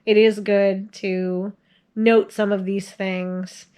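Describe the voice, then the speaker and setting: A woman's voice: medium pitch, level tone, takes it slowly, warm tone, clear, resonant tone. A woman in her forties casually telling family stories to the camera in a chatty way, laughing often as she goes. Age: 40s. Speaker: video host sharing family stories.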